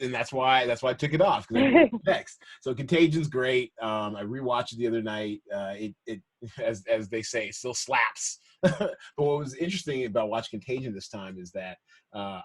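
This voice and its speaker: Chatty male podcast host, husky voice. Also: on the low side. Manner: animated, laughs often, quick asides. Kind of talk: casual chat.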